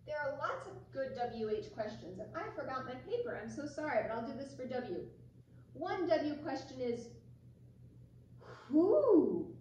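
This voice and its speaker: A woman in her forties reads a story and teaches small children, gentle and unhurried. Her high voice moves about a lot. She sounds far from the mic in an echoey room. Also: expressive, dull audio, slight background noise. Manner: gentle, slow, talks to children. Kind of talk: storybook reading and kids' lesson.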